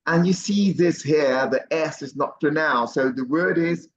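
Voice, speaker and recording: A man teaching pronunciation in an online class, encouraging and repeating each word slowly several times. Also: fairly high pitch, highs cut off, slight background noise. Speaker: pronunciation coach.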